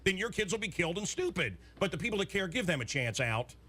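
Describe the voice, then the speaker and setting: Fast-talking excitable talk radio man. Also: high-pitched. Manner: excitable, rambling, with many restarts and blunt rants. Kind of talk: rambling talk radio banter. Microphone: studio microphone.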